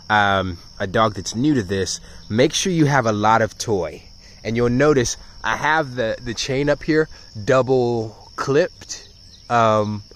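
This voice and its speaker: A man teaching dog training outdoors, explaining in a relaxed way with frequent ums and restarts. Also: lowish voice. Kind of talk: casual outdoor instruction.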